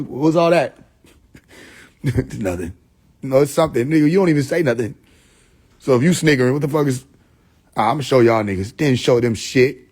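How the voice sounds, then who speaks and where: A man hosting a casual livestream, ranting with lots of swearing and mocking laughter, swinging between loud outbursts and mutters. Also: mid-range voice. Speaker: livestream host. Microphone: phone.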